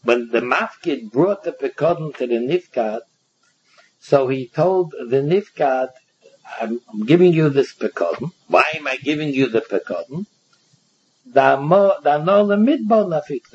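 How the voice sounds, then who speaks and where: A man with a Yeshivish English accent teaching a Talmud passage aloud, reading lines and then explaining them, often halting and repeating words. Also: on the high side, darkish tone, breathy edge. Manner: halting, repeats words and restarts, reads Aramaic then translates. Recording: dull lo-fi recording.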